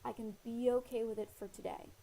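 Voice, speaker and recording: Her voice is a little high, steady, creaky and dark, moving a bit fast on a low-quality recording. She's an Australia-based vlogger giving personal advice casually to camera, earnest and rambling, full of fillers and recounted conversations.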